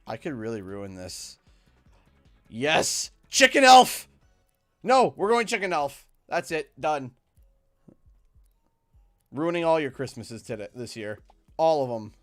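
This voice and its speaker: A man's voice: mid-range voice, very animated, measured pace, pauses often, soft background music. Rambling Canadian man streaming a game. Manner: rambling, talks to himself while clicking through menus. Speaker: gaming live streamer. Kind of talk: casual live-stream gaming commentary.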